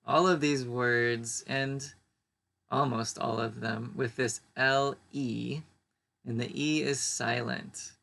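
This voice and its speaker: Man, English teacher, very slow, gravelly voice, pronunciation lesson. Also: mid-range voice, sharp tone. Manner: slow, deliberate modeling of each word twice.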